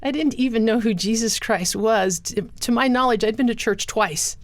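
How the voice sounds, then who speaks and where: A woman's voice: a little high, normal speed. A middle-aged woman, a guest in an interview, telling her life story earnestly in a studio. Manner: earnest storyteller, acts out quoted voices. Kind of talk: personal testimony interview.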